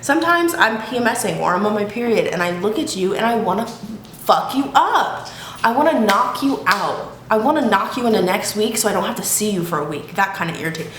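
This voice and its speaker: A woman's voice: mid-range voice, animated, a little fast, a bit bright. A woman vlogging to camera at home in a casual chat, frank and profane, laughing often. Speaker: YouTube vlogger. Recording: echoey room, faint background hiss.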